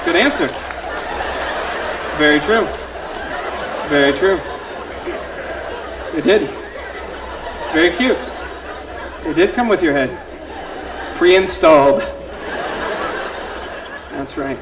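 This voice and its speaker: A man performing a one-man comedy show on stage, telling animated stories and acting out voices of his family. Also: on the high side, slow, long pauses, crowd noise, noisy background. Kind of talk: stand-up storytelling. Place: theater stage before a live audience.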